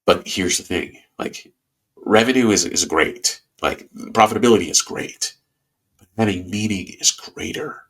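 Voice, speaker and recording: Male podcast host, lowish voice, stuffy nose, folksy and animated. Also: unhurried. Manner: animated, folksy, bursts of excitement. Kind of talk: casual podcast monologue.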